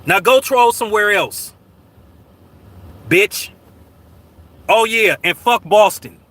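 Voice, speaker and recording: Brash, high-voiced profane streamer man. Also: slow pace, sharp tone. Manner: profane, combative, slangy. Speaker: channel host. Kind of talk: casual livestream talk.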